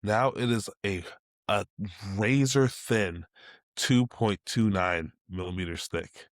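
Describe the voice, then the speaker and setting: A man co-hosting a casual tech podcast, lively and quick to laugh, short on sleep. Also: lowish voice, no room sound, clean studio sound. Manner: animated, laughs through stories. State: sleep-deprived. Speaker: podcast co-host.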